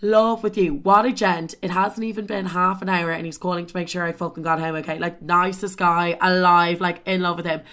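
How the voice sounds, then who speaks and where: A young woman telling a story in a casual, animated way, swearing often and saying "like" constantly. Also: fairly low pitch, brisk, few pauses. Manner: animated, swears a lot, heavy filler "like".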